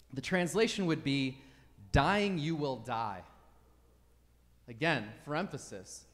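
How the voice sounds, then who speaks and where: A man's voice: fairly high pitch, fairly bright tone, long reverb tail. A man preaching a teaching sermon, emphatic and checking in with the congregation by asking "right?". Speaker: pastor.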